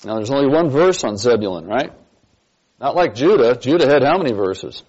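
A man's voice: mid-range voice, big pitch swings, normal speed, darkish tone. A man teaching a church Bible class, stressing key points and quizzing his listeners with questions. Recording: dull lo-fi recording.

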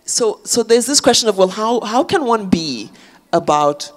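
A woman talks through an idea in front of an audience. She works her way toward each point with ums and restarted phrases, in a measured, reflective way. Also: medium pitch, big pitch swings. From South Africa. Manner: thoughtful, frequent fillers and restarts. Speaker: author guest. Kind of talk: public conversation on stage.

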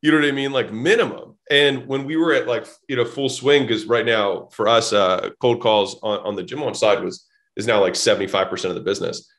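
Blunt low-voiced man telling stories. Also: brisk, fairly bright tone. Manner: blunt, swears freely, acts out both sides of conversations. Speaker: podcast guest. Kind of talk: casual storytelling.

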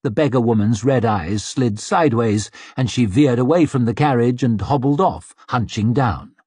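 A man's voice: mid-range voice, moderate pace, darkish tone, breathy edge, dry recording, clean studio sound. A man narrating an audiobook expressively, slipping into a character's sneering inner voice.

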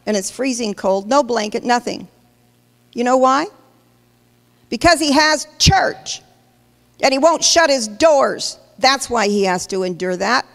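A woman's voice: a little high, lively intonation, measured pace, long pauses, fairly bright tone. A woman pastor preaching a sermon, emphatic and questioning the congregation directly. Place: large church hall. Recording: long hall reverb.

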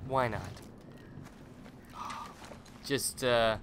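A young man hosting a let's play, giving playful, joking commentary with sudden loud outbursts as he plays. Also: mid-range voice, a little slow, background noise. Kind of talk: gameplay commentary.

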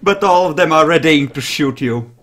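A young man narrating a tabletop role-playing game as game master, lively and quick to laugh. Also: on the high side.

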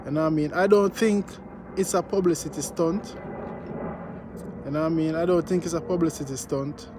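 A man's voice: a little high, fairly even intonation, brisk, noisy background. A man with a Jamaican accent giving casual commentary on his vlog, repeating himself and often asking "you know what I mean". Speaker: news vlogger.

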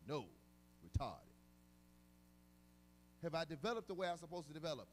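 A male pastor delivering a sermon in a fairly high voice. He preaches emphatically, hammering on repeated words and moving between hushed asides and loud shouts. His speech is casual and colloquial. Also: sing-song, moderate pace, a little hiss or hum.

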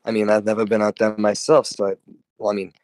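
A man co-hosting a comedic podcast, speaking in a laid-back, deadpan, matter-of-fact way. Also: on the low side, fast, dry recording, clean studio sound. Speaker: podcast co-host. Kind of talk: comedic vtuber podcast banter.

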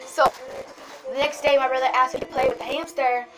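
High-pitched young woman rambling on her vlog, says "like" a lot, music going behind her. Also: a little fast. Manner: excitable, rambling, lots of "like". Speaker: vlogger. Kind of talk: casual vlog chat.

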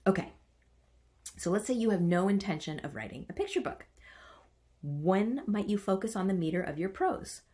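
A woman's voice: medium pitch, lively intonation, normal speed, long pauses, warm tone. A woman teaching a writing workshop. She chants the stressed beats aloud and adds playful, self-mocking asides. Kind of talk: online writing lesson.

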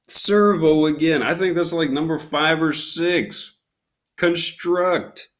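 A man hosting a casual unboxing video who gripes in mock outrage and breaks into loud exclamations. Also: fairly high pitch, slow pace, long pauses. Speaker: YouTube unboxing host.

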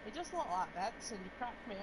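A woman chatting and telling stories while gaming live, swearing freely and laughing loudly. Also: on the high side, big pitch swings, fast. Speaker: streamer. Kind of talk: casual chat while gaming. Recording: background noise.

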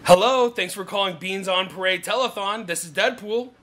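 A man's voice: high-pitched, normal speed, very noisy, natural voice. A man playing a pushy telethon phone operator who claims to be Deadpool, in an improvised comedy sketch. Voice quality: pushy salesman patter.

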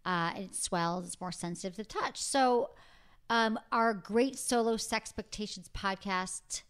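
Frank chatty woman hosting, laughs easy, normal pitch. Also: measured pace, a bit bright, clean tone. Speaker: host. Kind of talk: casual chat.

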